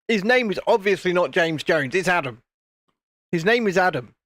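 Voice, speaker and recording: On a phone-recorded livestream from home one evening, a British host chats casually while building, reading chat messages aloud and laughing often. The medium-pitched voice has lively intonation at normal speed, a slightly bright tone, no room sound, and clean studio sound.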